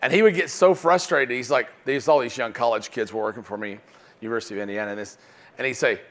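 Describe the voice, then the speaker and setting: A man teaching sales at a live seminar in front of an audience. He talks in an animated way and keeps checking in with "right?". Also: medium pitch, fast talker. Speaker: sales trainer.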